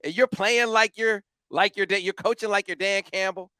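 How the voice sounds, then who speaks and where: A man hosting a sports podcast, talking in an animated, emphatic and exasperated way. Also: sits high, moderate pace, smooth, no echo, clean studio sound. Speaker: podcast host. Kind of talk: casual sports podcast chat.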